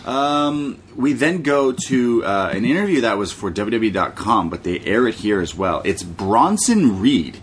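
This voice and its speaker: A man's voice: on the low side, very animated, unhurried, few pauses, slight background noise. A young man co-hosting a podcast, casually recapping wrestling in a laid-back, jokey way with plenty of swearing. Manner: laid-back, profane, jokey, mimics people. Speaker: podcast co-host.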